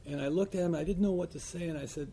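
A man's voice: a little high, fast, dark tone, a little hiss or hum. A man talking as a recovery sponsor in a rambling, blunt way, full of fillers and asides. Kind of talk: casual chat.

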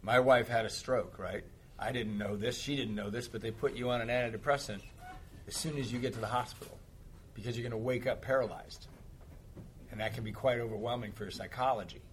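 A man's voice: medium pitch, fairly even intonation, a little fast, slight background noise. A middle-aged man in recovery telling a personal anecdote in a wry, casual way, laughing often. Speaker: guest in recovery. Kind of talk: casual chat, storytelling.

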